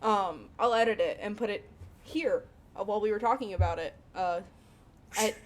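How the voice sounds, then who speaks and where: A woman co-hosting a casual podcast, telling stories in a giggly, animated way. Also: medium pitch, moderate pace. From Chicago area. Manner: giggly, animated storyteller who acts out coworkers' voices. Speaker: podcast co-host. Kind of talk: casual chat.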